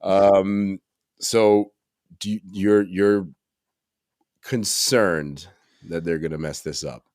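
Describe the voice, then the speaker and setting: Very deep-voiced man on a podcast. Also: fairly even intonation, slow pace, pauses often, darkish tone, dry recording, clean studio sound. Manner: meandering, self-correcting asides. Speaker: podcast co-host. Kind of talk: casual chat.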